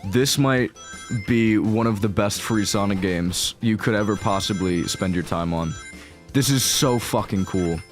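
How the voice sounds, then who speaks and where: A young man gushing through let's-play commentary, casual and excited, with slang and swearing. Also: fairly low pitch, a little slow, faint music behind. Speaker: gaming streamer.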